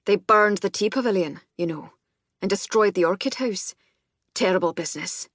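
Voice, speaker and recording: A gruff older Scottish boss grumbles and barks short questions at new recruits. His tone is disapproving and grudging, with a slightly husky edge. The sound is close and dry. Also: mid-range voice, moderate pace, a bit bright, dry recording. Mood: curt. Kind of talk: audiobook character voice.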